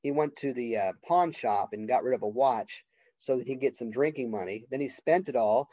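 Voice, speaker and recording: Guy prof talking through a story in class, chatty, does little voices for the characters, mid pitch, kinda muffled audio. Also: dark tone, no echo. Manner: conversational, acts out characters' lines in quick voices. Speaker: college literature professor. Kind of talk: casual classroom lecture. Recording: dull lo-fi lecture recording.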